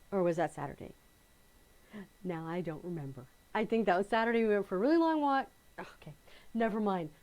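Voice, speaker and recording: A middle-aged woman talks casually to her live viewers in a fairly high voice. She rambles, corrects herself mid-sentence and breaks into small laughs. When she greets people by name, her voice lifts with excitement. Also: low-quality recording. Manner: chatty, rambling, self-correcting with little laughs. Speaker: quilting channel host. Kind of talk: casual live-stream chat.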